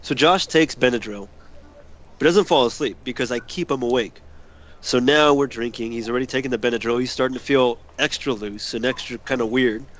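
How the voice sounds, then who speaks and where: A man's voice: mid-range voice, brisk. A man co-hosting a casual podcast, telling a swear-filled story and acting out what people said. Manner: animated storyteller, swears, acts out quotes. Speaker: podcast co-host. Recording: dull lo-fi sound with faint noise.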